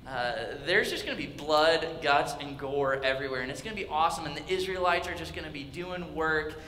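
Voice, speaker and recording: A cocky, eager teenage boy hero, acted out by a young male preacher. He talks in excited slang with a bright, high voice. The voice echoes through a big hall. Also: brisk, a little hiss or hum. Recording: echoey hall with faint ambience.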